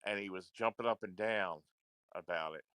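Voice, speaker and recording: A man's voice: low-pitched, normal speed, sharp tone, clear, resonant tone, dry recording. A man ranting into a livestream, confrontational and repetitive, swearing often. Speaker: livestream commentator.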